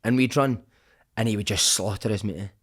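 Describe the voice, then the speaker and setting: A man's voice: on the low side, moderate pace. A man, a former footballer, telling laddish anecdotes as a podcast guest, swearing freely and calling everyone mate. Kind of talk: casual storytelling chat.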